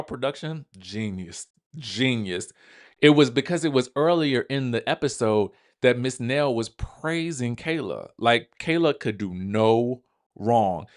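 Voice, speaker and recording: A man hosting a casual recap of a reality show. He talks straight to his viewers and acts out the cast members' lines in quick asides. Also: mid-range voice. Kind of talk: animated casual recap commentary.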